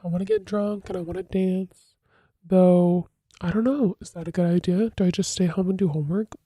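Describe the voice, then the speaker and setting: Chatty young woman, mellow dry voice. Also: steady tone, fairly quick, no room sound. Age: young adult. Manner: chatty, filler-heavy, dramatic pitch jumps. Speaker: podcast host. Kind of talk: casual confessional monologue.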